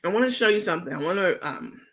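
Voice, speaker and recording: A woman's voice: lowish voice, expressive, quick pace, fairly bright tone, a little hiss or hum. A woman with a New York accent hosting a gossip commentary stream, chatty and slangy with lots of fillers. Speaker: host.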